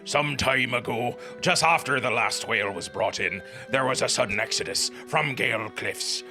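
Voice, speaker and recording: A man voicing a gruff, rustic old retired whaler with a drawling sailor's way of talking. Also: mid-range voice, normal speed, over music, lightly acted. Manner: rustic drawl, dropping grammar.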